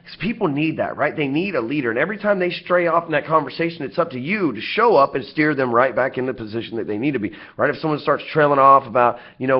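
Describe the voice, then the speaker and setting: A man with a Southern US accent giving a casual sales training talk, blunt and profane with joking asides. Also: medium pitch. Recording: slightly dull lo-fi audio.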